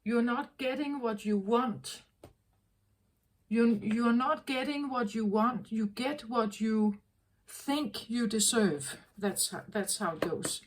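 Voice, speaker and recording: A woman tarot reader talking in a slow, earnest, reflective way, often repeating herself as she works through a thought. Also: fairly high pitch, low-quality recording. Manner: slow, repetitive, earnest, self-correcting. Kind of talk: reflective spoken reading.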